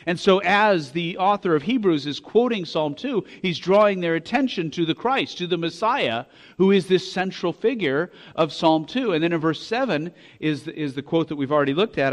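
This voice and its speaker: A man preaching a sermon, earnest, restarting phrases, growing loud as he reads scripture aloud. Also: high-pitched, lively intonation, moderate pace. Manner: earnest, repeats words when restarting, rises to loud when reading scripture.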